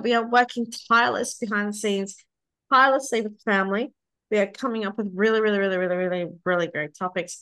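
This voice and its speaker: A woman's voice: medium pitch, a bit bright, dry recording. Australian woman hosting, dry close sound. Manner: wraps up with a sign-off. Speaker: podcast host. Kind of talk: casual group chat.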